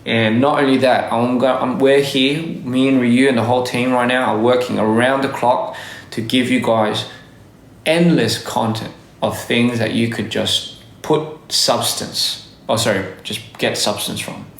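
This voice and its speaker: A man talks casually into his phone on a livestream, rambling through shout-outs and restarting his sentences. His voice sits at a middle pitch. The sound is roomy and echoey. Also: fairly even intonation, a little slow. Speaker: livestreaming artist. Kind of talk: casual livestream chat to fans.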